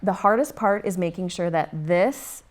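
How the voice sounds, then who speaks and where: A woman's voice: lowish voice, normal speed. A woman with a Minnesota accent, a bodybuilding coach chatting as a podcast guest in an earnest way, with frequent ums and restarts. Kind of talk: casual podcast chat.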